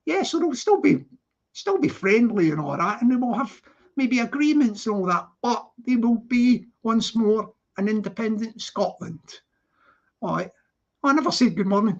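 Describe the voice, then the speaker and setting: A chatty livestream host in their thirties rambles casually between topics and greets viewers by name. The voice sits at a middling pitch. The audio is dull and a bit lo-fi. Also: big pitch swings, moderate pace, a little mellow.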